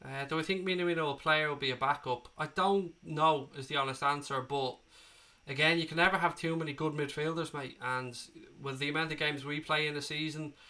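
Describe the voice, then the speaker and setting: An Irish man with a cold hosts a casual live stream, reading and answering viewers in the chat, calling them mate and swearing freely. His fairly high voice is pushed and bright, fairly quick, with fairly even intonation.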